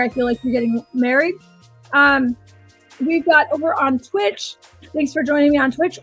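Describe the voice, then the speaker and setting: A woman's voice: high-pitched, creaky, a bit bright. A woman hosting a live psychic reading stream, talking in a chatty, rambling way and often restarting her sentences. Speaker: psychic and animal communicator host.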